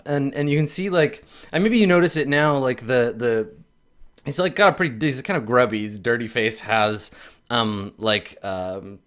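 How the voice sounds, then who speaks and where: A man narrating as game master in a tabletop game, with many pauses and fillers. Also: medium pitch, a bit bright. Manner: hesitant, full of fillers, lightly amused.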